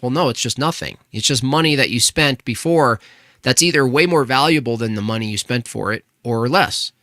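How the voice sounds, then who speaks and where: A man's voice: mid-range voice, normal speed, bright, forceful tone, no echo, studio quality. A man hosting a casual live stream, arguing with chat and asking pointed rhetorical questions. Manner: argumentative, rhetorical questions, restarts.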